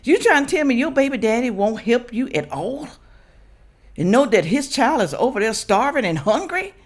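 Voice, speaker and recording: A woman from Memphis, hosting a reaction video and giving blunt, animated commentary to her viewers. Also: a little high, moderate pace. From Memphis, Tennessee. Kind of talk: casual commentary.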